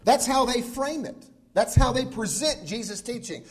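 A man's voice: very high voice, lively intonation, moderate pace, few pauses. A man preaching a sermon in an earnest, conversational way, often asking the listeners rhetorical questions.

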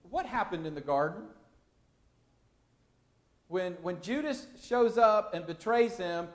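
Lively high-voiced male preacher, echoey room. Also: takes it slowly. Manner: animated, questioning the listeners. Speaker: pastor. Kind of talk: expository sermon.

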